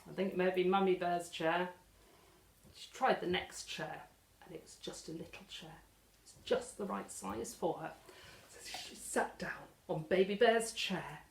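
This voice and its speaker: A woman with an English accent telling a children's story as a library storyteller, animated and full of dramatic gasps. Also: lowish voice, creaky. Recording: echoey room.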